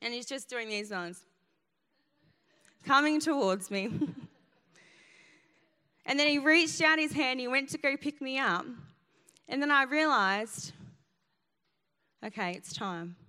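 A woman's voice: high voice, measured pace, long pauses, pushed and bright. A woman pastor preaching a sermon, telling a personal story in an emphatic way. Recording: long hall reverb.

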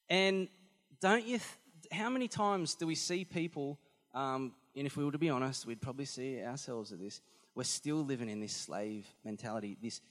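A man preaching a sermon, animated and emphatic, often repeating phrases for effect. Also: on the high side. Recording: long hall reverb.

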